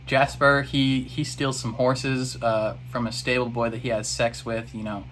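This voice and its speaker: A man's voice: mid-range voice, little pitch movement, moderate pace, hardly any pauses, a bit bright, slight background noise. A man in a casual reaction video, recapping an episode in a rambling, exasperated way.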